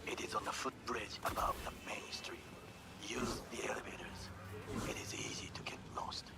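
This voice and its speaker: An actor playing a stern, formal middle-aged male corporate bodyguard in a video game, speaking in clipped, measured lines. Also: lowish voice, flat delivery, creaky, whispered. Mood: hushed, urgent. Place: game soundtrack played on a live stream. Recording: game audio under a loud stream.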